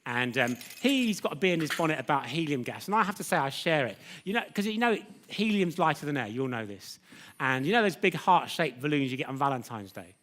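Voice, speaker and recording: A man's voice: fairly high pitch, very animated, fairly quick, fairly bright tone. A man presenting a live science demonstration lecture, chatty and jokey, teasing his assistant. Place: lecture theatre with audience.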